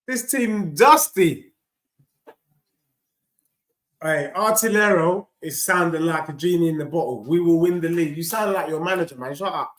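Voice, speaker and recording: A man hosting a live football watchalong, bantering with chat and shouting when goals go in. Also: on the high side, expressive, unhurried, pauses often, echoey room. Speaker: watchalong host.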